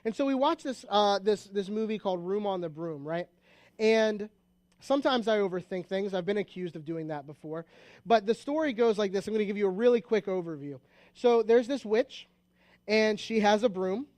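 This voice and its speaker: A man's voice: sits high, normal speed, darkish tone, no echo. A man with an American accent preaching a sermon, telling the story in a conversational way with asides and restarts. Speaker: pastor.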